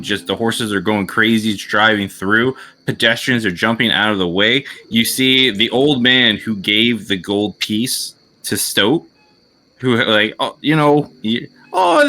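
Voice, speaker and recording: Brief: male game master, low voice, very bright, loose vivid narration.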